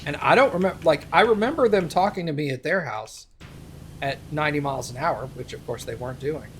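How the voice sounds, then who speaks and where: A man's voice: fairly high pitch, fairly quick, a bit bright, a little hiss or hum. A young man, a streamer, telling a rambling story in casual chat, with plenty of fillers. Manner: rambling anecdote with many fillers.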